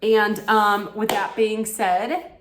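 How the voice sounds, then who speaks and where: A woman's voice: medium pitch, flat delivery, slow, background noise. A woman hosting her own reality TV recap, ranting casually in a blunt, heated way straight to her viewers.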